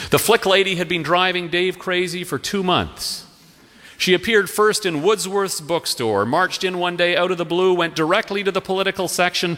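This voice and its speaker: Bright-voiced man on stage with a story, wry delivery, long hall reverb. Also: on the high side. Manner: wry, unhurried, playful emphasis. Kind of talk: live humorous storytelling. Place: theatre stage with live audience.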